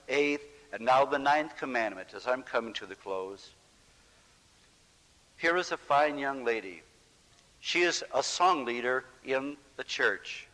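Impassioned preacher in a reverberant hall. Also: male voice, pushed and bright. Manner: impassioned, dramatic swings in pitch and volume. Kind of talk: sermon.

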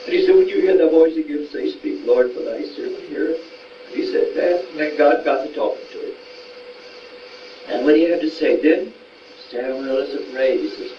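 A man's voice: a little high, moderate pace. A man preaching in a homespun, folksy way and retelling Bible stories in quoted voices, in a room with a small gathering. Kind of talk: folksy sermon. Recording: roomy, distant, dull sound with faint noise.

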